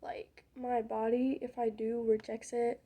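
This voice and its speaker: A woman's voice: on the high side, flat delivery, a little slow, warm tone. A young woman telling a rambling, candid story in casual vlog style while doing her makeup, with muttered side remarks. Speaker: vlogger.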